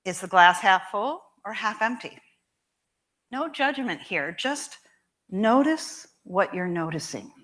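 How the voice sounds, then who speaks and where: A woman minister preaching a sermon in a church, emphatic and expressive, repeating key lines slowly for weight. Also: medium pitch. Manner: emphatic and expressive, with measured repetition. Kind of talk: sermon with storytelling. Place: church sanctuary.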